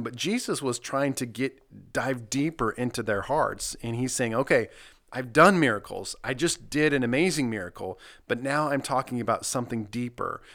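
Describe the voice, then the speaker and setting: A man's voice: medium pitch, a bit bright. A middle-aged man co-hosting a casual devotional chat, earnestly walking through his Bible study points one by one. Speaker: podcast co-host leading Bible discussion.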